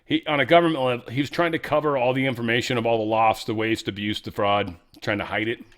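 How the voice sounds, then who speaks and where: A Californian man hosts a show, riffing on the news in a casual, sarcastic rant laced with profanity. His mid-range voice keeps a steady tone, moves fast, and sounds fairly bright.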